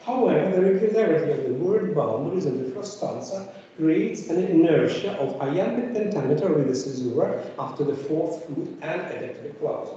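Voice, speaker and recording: A man giving an academic conference lecture, pausing often with fillers as he explains. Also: a little high, animated, mellow, a little hiss or hum. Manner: hesitant, many filler pauses. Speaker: conference speaker. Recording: echoey, distant, dull room recording.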